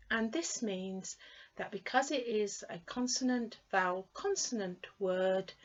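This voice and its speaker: A British-accented woman teaches English pronunciation, clearly stretching out each model word and patiently repeating words for the learner to copy. Her voice is mid-range, and the recording sounds muffled.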